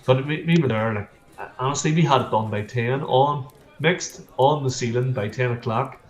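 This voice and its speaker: A man's voice: medium pitch, normal speed. Chatty Northern Irish man, echoey room. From Northern Ireland. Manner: chatty, repeats words while storytelling. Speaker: plasterer guest. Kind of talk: casual interview chat.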